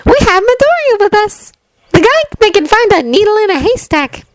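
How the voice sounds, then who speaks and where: Lady doing a super high bubbly teen hero girl, cheerful, bouncy. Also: sing-song, moderate pace, dry recording. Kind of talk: fanfiction reading.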